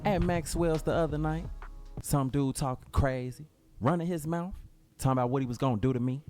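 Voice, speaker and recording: Fierce tough mama with a high, strained falsetto, as a male storyteller puts her on, swearing and cursing with a quick fiery temper. Soft music hums underneath the storytime skit. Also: natural voice. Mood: boastful. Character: brash tough middle-aged mother, fierce temper.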